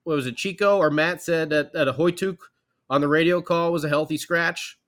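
Podcast co-host: man, bright voice, sarcastic, exasperated rants. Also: on the high side, fairly quick. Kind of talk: casual sports podcast chat.

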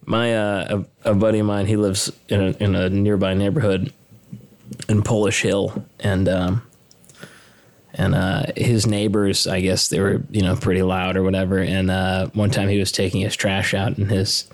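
A man with a somewhat low voice, chatting casually as a podcast co-host. He rambles through stories, stumbling over words and starting over with plenty of fillers. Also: flat delivery, normal speed. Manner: rambling storyteller, many fillers and restarts. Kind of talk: casual chat.

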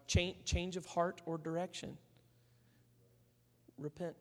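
A man's voice: a little high, normal speed, big-room sound. A man preaching a sermon in a conversational way, telling stories and acting out the people in them. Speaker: pastor.

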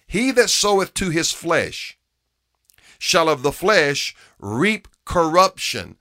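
Emphatic preacher man, bright voice. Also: on the high side, big pitch swings, slow pace, no room sound, clean studio sound. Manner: emphatic, repeats phrases, swings from loud to hushed. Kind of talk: sermon.

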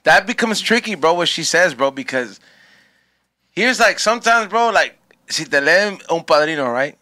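Dude swearing a lot and telling stories, bright high-ish voice, dry close sound. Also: male voice, moderate pace, dry recording. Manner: profane, animated storyteller mixing in Spanish phrases. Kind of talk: casual chat.

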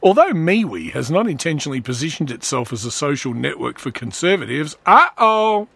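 A man's voice: fairly high pitch, creaky, fairly bright tone, no echo. A man talking in a rambling, sarcastic comedic monologue as a vlogger. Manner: rambling, sarcastic, slips into voices.

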